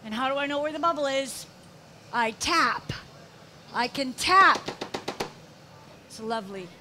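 A woman's voice: sits high, lively intonation, unhurried. A middle-aged woman from Canada giving a chatty, playful live glassblowing demonstration, narrating each step with sing-song counting. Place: glassblowing studio. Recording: noisy hot shop.

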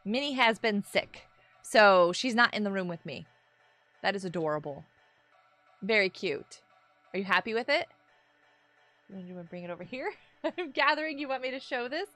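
A woman hosting a casual gaming live stream, chatting with viewers in a bubbly, animated way with gasps and laughs. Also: medium pitch, normal speed, long pauses, no room sound, soft background music. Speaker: livestream host.

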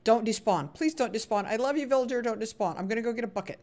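A woman's voice: fairly high pitch, fast talker, a little mellow. A woman live-streaming a building game talks nonstop in a casual, playful way. She coaxes the characters on screen in a sing-song voice and stops to answer people in the chat. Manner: reads out viewer chat names and answers them. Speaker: Minecraft streamer.

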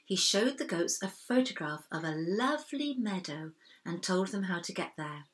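Animated woman reading a story aloud. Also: on the low side, normal speed, low-quality recording. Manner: expressive, animated, sing-song sound effects. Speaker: children's storyteller.

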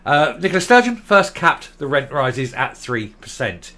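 A man's voice: mid-range voice, big pitch swings, moderate pace, pushed and bright. A man giving ranting commentary, blunt, sarcastic and combative.

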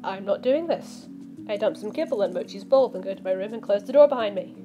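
A woman reading a visual novel aloud as a let's play streamer, voicing the lines and breaking off into animated asides. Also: mid-range voice, fast talker, highs cut off. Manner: animated, reacts with outbursts and asides. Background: background music.

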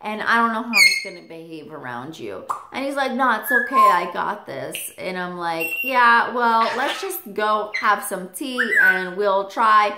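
A woman vlogger telling a story at home in a lively way, acting out the quoted lines herself. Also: mid-range voice, unhurried, hardly any pauses. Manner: animated storytelling, acts out quotes. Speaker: vlogger, parrot owner. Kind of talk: storytime vlog. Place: home room with pet parrots. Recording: roomy echo, loud background noise.

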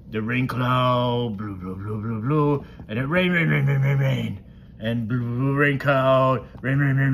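A man's voice: mid-range voice, creaky, a little hiss or hum. A man voicing a friendly male monster puppet who tells a Bible story to a child in broken, simple grammar.

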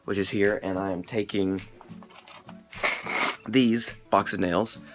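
A man's voice: lowish voice, steady tone, slow pace, faint music behind. A young man talking casually to his vlog camera through a headset microphone, upbeat and joking, and a bit stuffy from being sick. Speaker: vlogger and magician. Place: outdoors and in a car.

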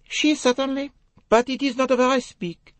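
A man voicing an excitable, emphatic young female lady's maid in an audiobook. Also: very high voice, normal speed, dry recording, pitched above the performer's own voice. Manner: emphatic, insistent. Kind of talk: audiobook character voice.

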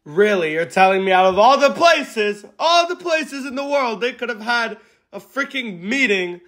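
A man's voice: extremely high pitch, animated, normal speed, a bit bright. A man reacting to a comedy video with casual, incredulous commentary. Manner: incredulous and exclaiming.

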